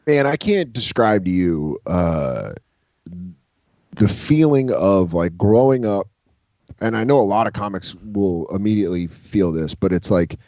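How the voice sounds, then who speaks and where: Over dull, lo-fi video call audio without echo, a low-voiced man appears as a comedian guest. He rambles through his stories in loose interview talk, swears freely, and performs the lines of the people he mentions.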